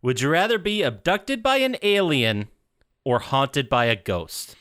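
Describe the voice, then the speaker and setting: A man's voice: on the high side, very animated, a little slow, a bit bright, clear, resonant tone, no room sound, clean studio sound. A man co-hosting a casual podcast, playfully quizzing his friends with would-you-rather questions. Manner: playful, quizmaster-like.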